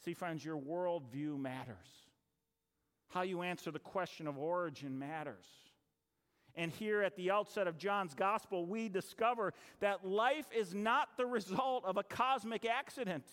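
A male pastor preaching a sermon, telling a story with acted-out dialogue and dramatic pauses. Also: sits high, fairly bright tone. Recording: long hall reverb.

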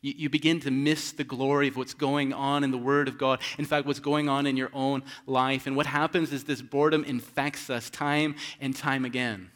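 A pastor preaching a sermon, asking rhetorical questions and swinging between hushed and loud, emphatic delivery. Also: male voice, mid-range voice, level tone, moderate pace, few pauses.

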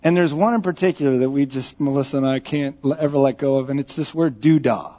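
A man's voice: medium pitch, fast talker, mellow. A man preaching a conversational sermon, joking and telling stories straight to the congregation. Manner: joking, folksy, speaks directly to the congregation. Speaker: pastor. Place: church sanctuary. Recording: dull recording with long church reverb.

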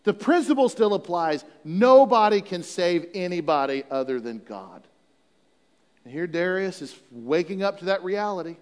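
A man's voice: high-pitched, moderate pace, a little mellow, smooth, big-room sound. A man preaching a sermon as pastor, reading scripture and talking conversationally with humorous asides.

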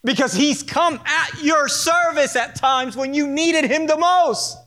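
A man's voice: very high-pitched, a little slow, bright, forceful tone. A male pastor preaching an earnest sermon to his congregation, stressing points through repetition and brief personal asides. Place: church sanctuary.

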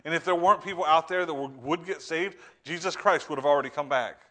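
A man preaching a sermon with fervor, repeating and restarting words, swinging between loud urgent lines and hushed ones. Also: a little high, fast.

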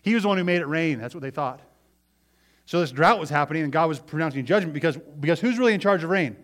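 A man delivering a lively sermon, pitched a little above the usual male range. He tells the story with animation and slips into the voices of the people in it. He sounds like a pastor speaking to a church gathering. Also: fast.

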